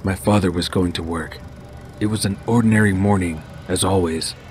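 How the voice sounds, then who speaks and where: Man, very low voice, steady horror narration, noticeable background noise. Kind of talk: scripted first-person horror narration. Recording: noisy home recording.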